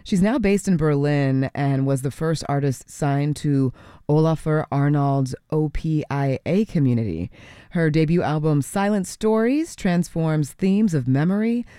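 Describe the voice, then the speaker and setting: A woman's voice: low-pitched, unhurried, dark tone, smooth, no room sound. A woman radio DJ hosting a morning show, chatting loosely with fillers and self-corrections and making a pledge drive appeal from a radio studio. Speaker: radio DJ host. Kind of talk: casual on-air chat and pledge drive appeal.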